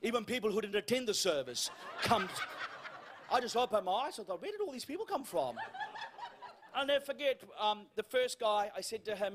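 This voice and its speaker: A guest preacher with a high, brisk voice tells a funny story during a church sermon. He acts out the lines of the people in it, and the quoted voices sink to a hush.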